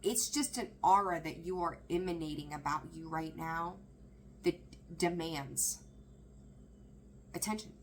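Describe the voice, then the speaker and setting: A woman giving a casual, excitable tarot reading, chatting and laughing as she breaks off mid-sentence. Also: low voice, measured pace, long pauses, slight background noise, poor audio. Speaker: tarot reader.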